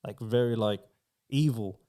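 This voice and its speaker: Mellow-voiced man telling ghost stories. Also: mid-range voice, measured pace. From Australia. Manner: rambling, heavy swearing, many "like" fillers. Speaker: podcast guest. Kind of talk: casual storytelling chat.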